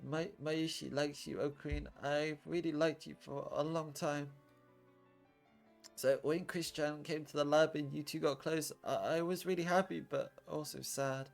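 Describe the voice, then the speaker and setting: A man voicing a gentle, childlike teenage girl in a soft high falsetto, reading a visual novel aloud. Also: fairly even intonation, unhurried, creaky, soft background music. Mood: tearful. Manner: high soft falsetto, speaks of herself in third person.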